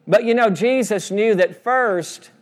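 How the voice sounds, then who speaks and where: Preaching pastor in a reverberant church. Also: male voice, high voice, a little slow. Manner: preaching with call-and-response, repeating phrases. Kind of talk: sermon. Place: church sanctuary. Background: congregation responses.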